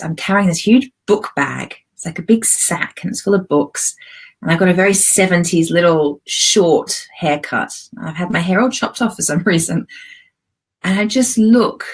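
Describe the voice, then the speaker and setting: A middle-aged woman coaching a live group video call, guiding a visualization softly and gently, tearful and pausing often. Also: fairly low pitch, slightly rough, low-quality recording.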